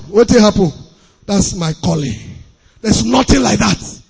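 A man preaching a sermon as pastor, emphatic and repetitive, with sudden shouts. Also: high-pitched, expressive, measured pace, creaky, breathy edge. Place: church hall. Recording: long hall reverb.

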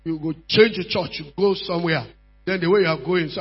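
A pastor preaching a sermon, emphatic and repetitive, swinging from quiet talk to shouting. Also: male voice, high-pitched, fairly quick, breathy edge. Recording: dull lo-fi recording with mains hum.

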